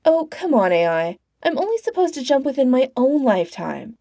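A woman's voice: high-pitched, very animated, mellow, no echo, studio quality, voice pushed up, exaggerated voice. A woman voicing a brash, sarcastic young woman who jumps through time. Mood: exasperated. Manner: sarcastic and quick-tempered.

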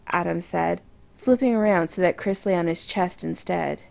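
A woman reading romance fiction aloud in a soft, intimate narration. Her voice has a gravelly, creaky texture. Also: on the low side, moderate pace.

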